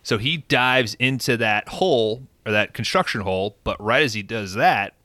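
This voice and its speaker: A man hosting a podcast, giving an excited, profane, casual recap of a movie plot. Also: mid-range voice, moderate pace, no echo. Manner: excited and profane, animated storytelling. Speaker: podcast host.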